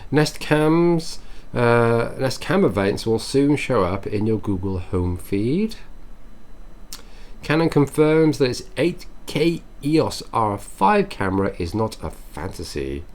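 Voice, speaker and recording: A man's voice: medium pitch, big pitch swings, takes it slowly, darkish tone. A man hosting a casual tech news show, reading headlines aloud and adding offhand chatty asides. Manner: reads headlines then adds offhand chatty asides and musings.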